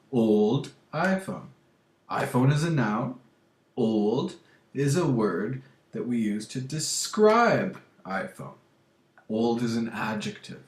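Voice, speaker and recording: A man with a medium-pitched voice teaches English learners a grammar lesson, speaking slowly and deliberately and often asking "okay?" to check understanding. The room is echoey.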